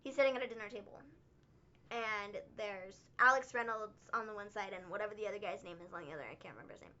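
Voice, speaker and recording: A woman co-hosting a livestream recap, talking in an animated, excitable way and laughing often. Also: medium pitch, fast talker, lo-fi sound. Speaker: wrestling show co-host. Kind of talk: casual livestream recap chat.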